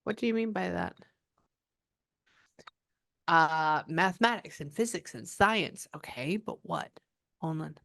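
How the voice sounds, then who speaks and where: A woman's voice: deep voice, animated, a little slow, gravelly, long pauses, fairly bright tone, dry recording, clean studio sound. Chatty woman medium relaying messages. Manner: breaks off to listen, relays quotes. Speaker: psychic medium. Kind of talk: psychic reading session, casual chat.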